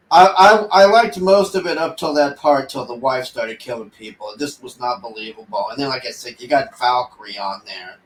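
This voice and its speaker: A man's voice: mid-range voice, recorded from a distance, a little hiss or hum. A man rambling through a casual movie review, exasperated and sarcastic, mocking the characters as he talks. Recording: echoey room, voice off-mic.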